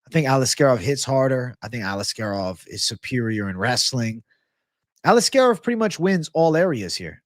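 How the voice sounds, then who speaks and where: A male livestream host shares betting picks, talking a little fast in a mid-range voice with big pitch swings. Profane, chatty, and hyped, he reacts aloud to live chat, and the recording is dry and studio quality.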